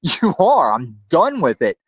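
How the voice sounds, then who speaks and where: A man's voice: a little high, huge pitch swings, unhurried, breathy edge, no room sound. A man on a livestream ranting mockingly and profanely about other people. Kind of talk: heated livestream rant. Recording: dull lo-fi sound.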